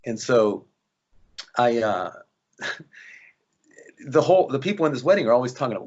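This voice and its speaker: Lively storytelling man, lo-fi sound. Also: medium pitch, normal speed, pauses often. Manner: animated, acts out quoted voices. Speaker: actor guest. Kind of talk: casual storytelling interview.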